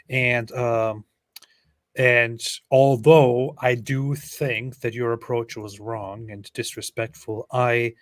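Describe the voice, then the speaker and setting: A man's voice: medium pitch, fairly even intonation, normal speed, dry recording. Joking man reading chat comments, dry close sound. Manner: joking, reads comments aloud, laughs often. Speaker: livestream co-host reading viewer comments. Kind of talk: casual livestream chat.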